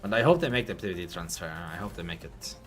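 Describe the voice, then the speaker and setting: A man's voice: sits low, big pitch swings, quick pace, faint music behind. A young man with a German accent, chatting casually and bluntly with his viewers while gaming, joking and swearing now and then. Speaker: game streamer.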